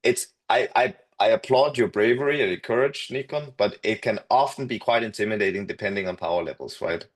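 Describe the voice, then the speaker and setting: A man co-presenting at a workshop, explaining a point to the room in a measured way. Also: fairly low pitch.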